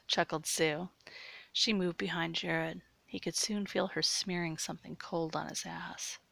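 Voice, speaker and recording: Gravelly low-voiced woman narrator. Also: fairly even intonation, unhurried, sharp tone, no room sound. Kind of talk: erotic audio story narration.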